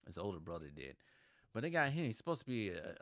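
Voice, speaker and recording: With a fairly low pitch, big swings in it and a quick pace, a Milwaukee man in his thirties hosts a sports channel and offers opinionated commentary. Heated by nature, he gets loud and emphatic in his rants. Studio quality, no room sound.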